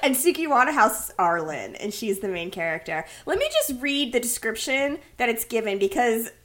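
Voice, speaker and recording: Animated woman reviewing a movie. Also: on the high side, normal speed. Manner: animated, laughs often, exasperated. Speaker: podcast co-host. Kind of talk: casual movie review chat.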